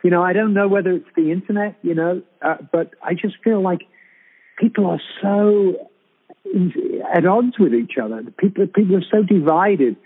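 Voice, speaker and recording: A man chatting on a radio show from abroad, talking haltingly with many fillers and restarts. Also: high-pitched, husky. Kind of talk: casual radio chat. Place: abroad in Britain, calling in. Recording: tinny phone-line sound on radio.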